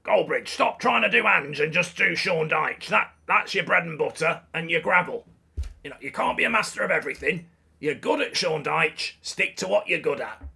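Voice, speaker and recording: A man doing an impression of a blunt male football manager with a gravelly voice, lecturing someone. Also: on the high side, lively intonation, normal speed, pushed and bright, heavily acted. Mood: scolding. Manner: lecturing, telling him off.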